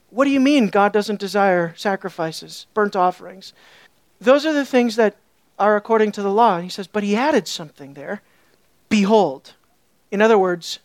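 A woman's voice: dry recording, clean studio sound. A woman preaching a sermon, emphatic and questioning her listeners, her voice rising when she stresses a point. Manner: emphatic, asks the audience questions; rises loud and high when stressing points.

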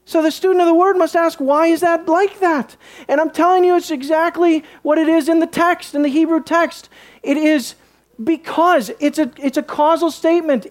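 A woman's voice: very high-pitched, normal speed, darkish tone. A woman preaching an expository sermon in an earnest, emphatic way, urging listeners to follow along in their Bibles.

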